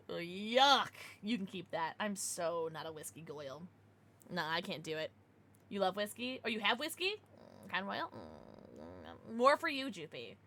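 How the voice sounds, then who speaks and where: A woman in her thirties streaming live, bubbly and quick to laugh as she chats with viewers and reacts to their messages. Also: lowish voice, sing-song, fairly bright tone, a little hiss or hum. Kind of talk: casual livestream chat.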